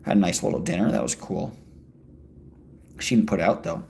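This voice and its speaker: A man's voice: low voice, moderate pace, creaky, warm tone, slight background noise. A man livestreaming while out walking, answering his chat in a joking, crude, rambling way. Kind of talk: casual chat. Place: walking outdoors in a city.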